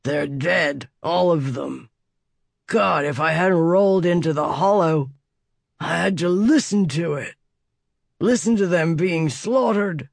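A man's voice: on the high side, slow, no echo, clean studio sound, full character voice. A man voicing a wounded, desperate male bandit with a ruined face in an audiobook, slurring and snarling his threats. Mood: bitter. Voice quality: slurred, gravelly. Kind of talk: audiobook character voice.

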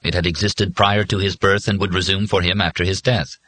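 A man reading a novel aloud in measured, scripted narration. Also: deep voice, flat delivery, pushed and bright. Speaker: audiobook narrator.

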